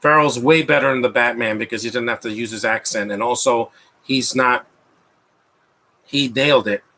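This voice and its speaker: A man's voice: medium pitch, normal speed, sharp tone. A man in his thirties giving a rambling, mocking live commentary over a movie, with frequent restarts. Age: 30s. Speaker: film commentator.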